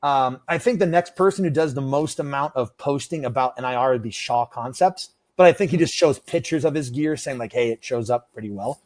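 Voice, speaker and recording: A man's voice: mid-range voice, a little fast, hardly any pauses, a little mellow. A man chatting casually on a podcast about the gear he makes, rambling and self-deprecating, swearing freely. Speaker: podcast guest, gear maker. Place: room with adjustable lights.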